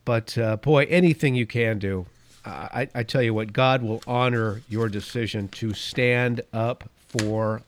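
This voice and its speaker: Middle-aged male podcaster, emphatic and tangent-prone, mid-pitched, dry close sound. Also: no echo. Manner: rambling, emphatic, goes off on tangents. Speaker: podcast and radio host. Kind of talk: opinion podcast commentary.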